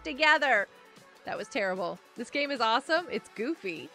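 A woman's voice: fairly high pitch, lively intonation, normal speed, pushed and bright, soft background music. A woman streaming a game, chatting and rambling casually into her microphone, laughing often and breaking into sudden squeals. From United States. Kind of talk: casual live-stream chat while gaming.

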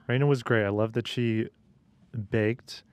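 A man's voice: mid-range voice, steady tone, measured pace, clean tone. A man co-hosting a comedy podcast, speaking sheepishly and hesitantly and often laughing. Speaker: podcast co-host.

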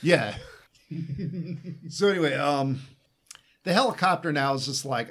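A man's voice: mid-range voice, measured pace, long pauses. A man co-hosting a movie podcast, recapping scenes in casual chat and acting out the characters' lines. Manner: animated storyteller, recaps scenes with quoted lines. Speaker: podcast co-host.

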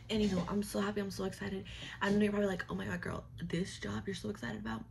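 A woman's voice: mid-range voice, fairly even intonation, fast, creaky, noisy background. A young woman chatting casually to camera in her vlog, talking straight to her viewers and now and then dropping into a whisper. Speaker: vlogger. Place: home and club dressing room.

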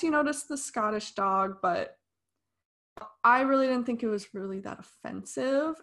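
A young woman co-hosting a podcast, reviewing a film in casual, animated talk with opinionated and sarcastic asides. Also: medium pitch. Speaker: podcast co-host.

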